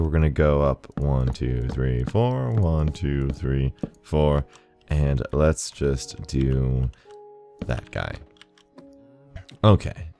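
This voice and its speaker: A man's voice: rumbling low, a little mellow. A man hosting a gaming video, chatting casually and rambling, laughing often as he plays. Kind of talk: casual gameplay commentary. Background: faint game music.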